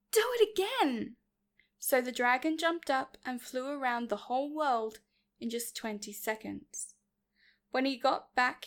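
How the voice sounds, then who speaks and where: A woman reading a children's story aloud, narrating calmly and clearly. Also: sits high.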